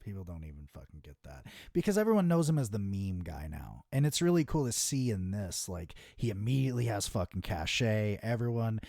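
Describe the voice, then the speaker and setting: A lower-voiced man chatting on a podcast, laid-back and swearing freely, tossing out quick reactions. The sound is dry and close. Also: very animated, creaky, darkish tone, dry recording. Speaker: podcast co-host. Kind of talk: casual podcast chat.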